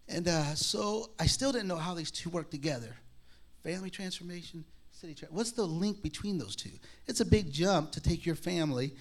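A man with a voice on the high side, at normal speed, tells a congregation his personal testimony in a conversational, sermon-style way. Self-deprecating, he acts out quoted dialogue and often restarts and laughs.

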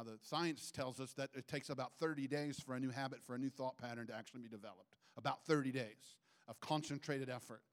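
A man preaching a sermon in church, animated and acting out little quoted voices as he goes. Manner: animated, acts out quotes with sudden pitch jumps. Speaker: pastor.

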